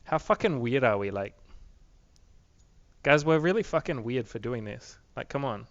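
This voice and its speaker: A man's voice: medium pitch, lively intonation, moderate pace, pauses often, no echo. A young man rambling to camera in a casual video diary, swearing a lot and filling his talk with "like", recorded close on a dull lo-fi camera mic. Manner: rambling, profane, many "like" fillers. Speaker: vlogger.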